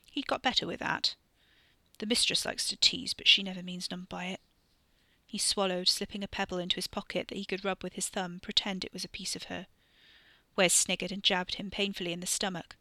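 A woman narrating a novel in a steady, even storytelling voice. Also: medium pitch, no room sound. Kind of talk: audiobook fiction reading.

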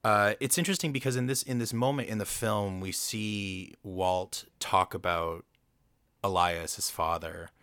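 A man's voice: fairly low pitch, unhurried, a bit bright, smooth, no room sound. A man casually recapping a film on his own, rambling, swearing freely and acting out the characters' lines. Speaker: film commentator.

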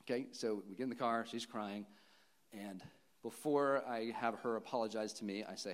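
A man in his thirties, a pastor, preaching a sermon in an earnest, personal storytelling manner with pauses and restarts. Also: fairly low pitch.

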